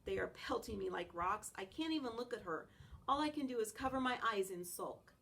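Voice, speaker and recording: A woman's voice: mid-range voice, a little fast, vocal fry. Woman reading a children's book. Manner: expressive, animated first-person narration. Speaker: audiobook reader. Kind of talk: reading a children's novel aloud.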